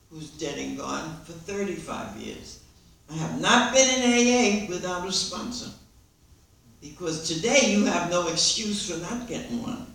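An older woman giving a lively personal testimony to a meeting, acting out the dialogue as she tells it. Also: fairly low pitch, gravelly, slight background noise. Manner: lively storyteller who acts out dialogue and laughs along. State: hard of hearing. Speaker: recovery meeting speaker. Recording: echoey hall recording from far off.

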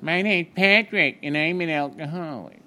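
An older man putting on the voice of a little Irish man, sing-song and overly earnest, well above his own pitch. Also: moderate pace, pushed and bright.

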